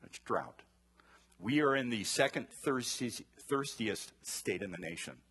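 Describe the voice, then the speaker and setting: A man's voice: medium pitch, expressive, a little slow, fairly bright tone, husky. A man teaching a Bible study to a group in a chatty way, asking the class questions and drifting into side stories. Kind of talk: conversational Bible lesson to a group.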